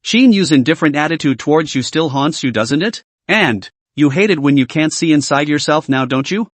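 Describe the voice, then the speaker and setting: A man's voice: on the high side, lively intonation, fairly quick, no echo. Man reading a sultry mocking demonic voice. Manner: mocking, playful. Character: sultry teasing demonic voice in the mind.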